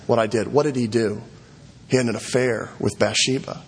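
Husky man preaching in a reverberant hall. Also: medium pitch, fairly quick. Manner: casual storytelling with fillers and restarts. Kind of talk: sermon retelling and scripture reading.

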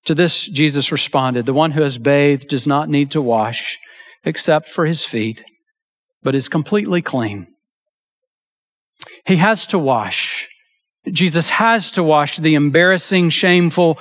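A man preaching with a slightly higher voice than most men. He delivers his sermon earnestly and emphatically, slowing down on key phrases and voicing quoted lines with feeling. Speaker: pastor.

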